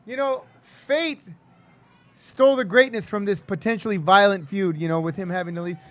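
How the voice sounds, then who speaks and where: A man's voice: sits high, moderate pace, a bit bright. A man hosting and commenting on old wrestling footage in a casual, rambling way, with lots of fillers and jokes. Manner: rambling, filler-heavy, jokey. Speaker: host and commentator.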